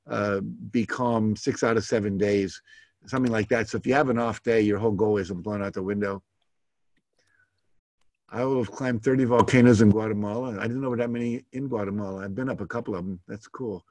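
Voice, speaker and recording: A man leading a live goal-setting workshop. He reads out participants' goals and comments on each in a relaxed, conversational way with many fillers. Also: medium pitch, dry recording.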